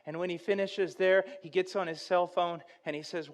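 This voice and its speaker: A man preaching a sermon, telling a story dramatically and building to loud intensity. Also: high voice, fairly even intonation, normal speed, hardly any pauses.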